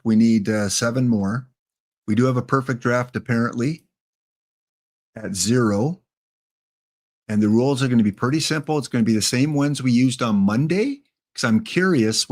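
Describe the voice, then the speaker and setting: Chatty man hosting a game stream. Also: medium pitch. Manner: chatty, talks to viewers by name, reads out rules. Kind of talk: casual live-stream chat.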